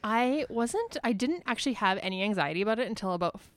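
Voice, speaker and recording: A woman's voice: fairly high pitch, expressive, fast. A woman co-hosting a podcast in casual chat, talking with a slight lisp and laughing often. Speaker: podcast co-host.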